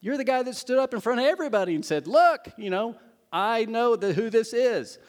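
A man voicing an exasperated male disciple who cannot believe what his friend is asking, in a raised, high, loud voice. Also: fast talker, slightly rough. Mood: incredulous. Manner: high, loud, incredulous outburst.

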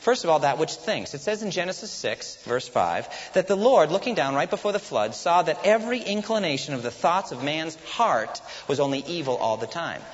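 A man preaches a sermon with animated, rising and falling emphasis. He keeps asking the congregation questions and supplying the answers. The recording is muffled and faintly hissy, with a long reverb from a large hall. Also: on the high side, brisk, few pauses. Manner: asks the congregation questions and answers them himself. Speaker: pastor.

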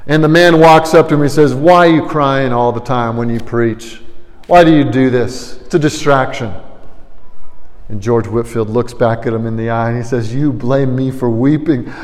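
A man preaching a sermon, earnest, his voice swelling loud on emphatic lines and then dropping low. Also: long reverb tail, low-quality recording. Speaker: pastor.

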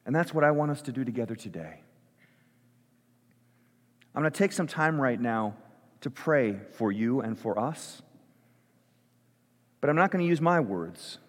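A man preaching as pastor, slow and measured, his voice swelling for emphasis and dropping to a hush. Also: medium pitch, expressive. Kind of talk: sermon with read-aloud prayer. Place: church sanctuary. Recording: long reverb of a large hall.

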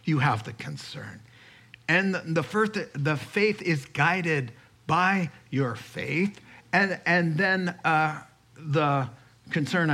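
A man preaching a sermon, animated, acting out quoted voices and chuckling as he teaches. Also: fairly high pitch. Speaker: pastor.

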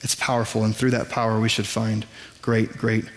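A man preaching a sermon in a conversational, self-deprecating way, with quick asides to the congregation. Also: fairly low pitch, monotone, big-room sound. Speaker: pastor. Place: church sanctuary.

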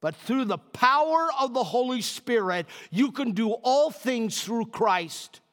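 High-voiced, slow-preaching man. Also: lively intonation, fairly bright tone, in a large hall. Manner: storytelling, emphatic repetition. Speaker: pastor. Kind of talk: sermon.

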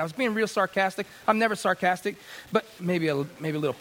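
A man's voice: high voice, fast talker, a bit bright. A middle-aged man preaching a sermon, telling a personal story in a conversational way with many restarts and growing emphatic. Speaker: pastor.

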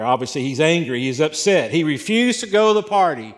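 A man's voice: a little high, sing-song, a little fast, long reverb tail. A man preaching a sermon, retelling a parable with emphatic, repetitive phrasing. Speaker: pastor.

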